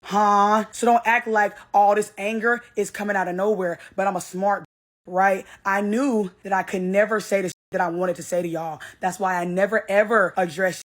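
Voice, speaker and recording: A woman's voice: medium pitch, fairly even intonation, normal speed. A young woman, a social media creator, talking straight to camera in a brash, blunt selfie rant full of swearing.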